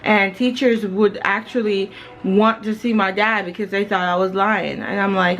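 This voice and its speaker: Woman, 30s, from Jamaica, family vlogger; rambling casual talk to camera at home, mid pitch. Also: fairly even intonation, moderate pace, fairly bright tone, soft background music, low-quality recording. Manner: chatty and rambling, many "you know"s. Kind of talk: casual vlog chat to camera.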